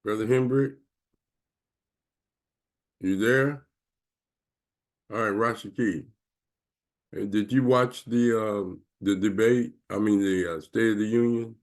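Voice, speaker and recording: A man hosting an online panel discussion, speaking haltingly and prodding guests with questions. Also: fairly low pitch, steady tone. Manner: halting, restarts often, prods guests with questions. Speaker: host.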